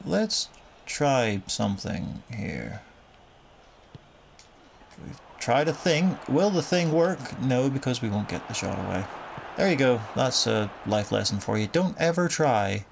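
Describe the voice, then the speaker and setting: A man's voice: medium pitch, big pitch swings, slow pace, vocal fry, slight background noise, rough recording. A young man casually commentating a football video game, wry and exasperated, cursing at his team's misfortunes. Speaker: gaming commentator.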